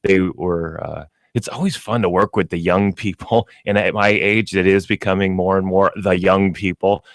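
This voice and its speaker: A man's voice: deep voice, fairly even intonation, moderate pace, hardly any pauses, no room sound. A middle-aged man with a Midwestern American accent, a pet store guest on a radio show, talking in a friendly, informative way. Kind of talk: casual radio chat. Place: radio studio. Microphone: studio microphone.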